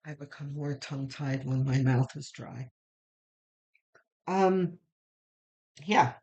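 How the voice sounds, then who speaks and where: A woman's voice: very deep voice, slow pace, a little mellow. A middle-aged woman giving a casual, meandering tarot reading, chatty and full of fillers. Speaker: tarot reader.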